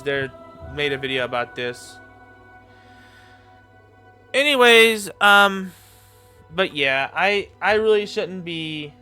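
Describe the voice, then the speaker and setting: A man giving casual reaction commentary, rambling and repeating himself with lots of fillers, and quick to laugh and get excited. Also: fairly high pitch, clean tone. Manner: gets excited and laughs easily. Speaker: YouTube commentator.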